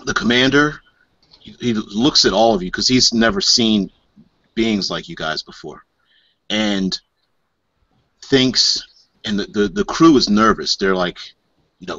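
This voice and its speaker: A man's voice: fairly low pitch, unhurried, pauses often, bright, forceful tone, no echo. A man narrating as game master of a tabletop game, casual and hesitant with fillers, in a dull lo-fi recording.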